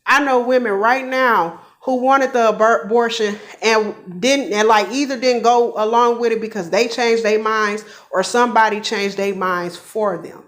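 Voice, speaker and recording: A woman's voice: on the high side, moderate pace, hardly any pauses, fairly bright tone. Fired-up woman ranting, blunt and profane. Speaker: commentary vlogger and nurse. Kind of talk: ranting true-crime commentary.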